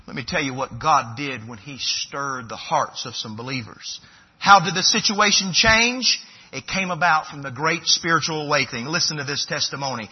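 A man preaching from the pulpit in a high, husky voice, swelling into loud pleading and then sinking to a near hush. The recording is dull and lo-fi, as if taken from a church sound system. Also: normal speed. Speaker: pastor. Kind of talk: sermon. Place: church sanctuary.

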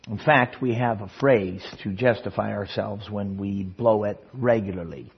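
A male preacher giving an emphatic sermon, swinging from hushed asides to loud proclamation, with a husky voice. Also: fairly low pitch, normal speed. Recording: dull lo-fi sermon recording.

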